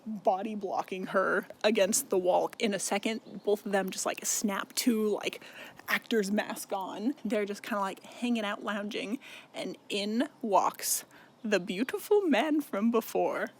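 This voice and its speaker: A man's voice: high-pitched, measured pace, slight background noise. A young man giving a casual, rambling book recap, swearing freely and saying "like" often. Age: young adult. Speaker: book video host.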